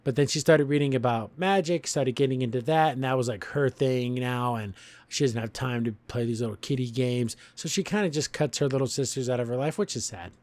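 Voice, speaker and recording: A man's voice: medium pitch, brisk, darkish tone, dry recording. A man hosting a podcast, retelling a cartoon episode in a casual, rambling way and chuckling often. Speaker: podcast host reviewing a cartoon. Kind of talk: casual review commentary.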